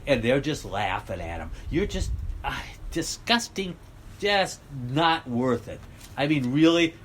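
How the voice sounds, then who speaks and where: A man's voice: medium pitch, sing-song, measured pace, a little hiss or hum, poor audio. A man ranting bluntly and sarcastically about politics, rambling on in a heated vlog. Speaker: political vlogger. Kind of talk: rambling rant.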